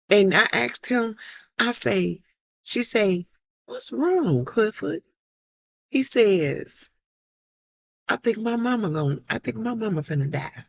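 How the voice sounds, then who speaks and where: A middle-aged woman tells her own story to camera, slow and emphatic, often repeating herself. Her voice is gravelly and lively in pitch. The sound is dry and slightly dull. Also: dry recording. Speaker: vlogger.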